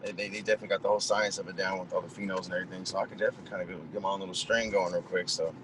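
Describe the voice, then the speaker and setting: Here a young Californian from Merced, a music producer, is a podcast guest telling relaxed, rambling stories with lots of slang and laughs. He speaks in a low, steady voice at a racing pace, with background noise behind him.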